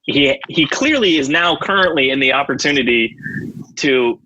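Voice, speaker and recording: A man with an American accent co-hosting a podcast, telling animated stories and laughing often. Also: a little high, moderate pace, muffled recording, slight background noise. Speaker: podcast co-host. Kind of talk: casual book discussion.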